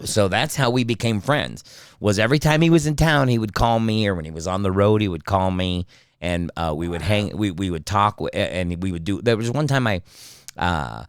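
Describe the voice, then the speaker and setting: A man in his fifties, a guest comedian and voice actor, telling animated, profane anecdotes in casual chat, acting out the people he quotes, on a close studio mic. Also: deep voice, smooth, no echo. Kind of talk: casual storytelling. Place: podcast studio.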